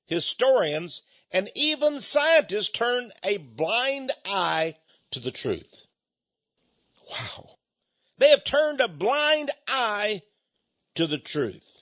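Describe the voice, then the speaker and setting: A man's voice: on the high side, fairly bright tone. An older man preaching a folksy, rambling sermon monologue with chuckling asides, speaking as the head of his own ministry. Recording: dull lo-fi recording.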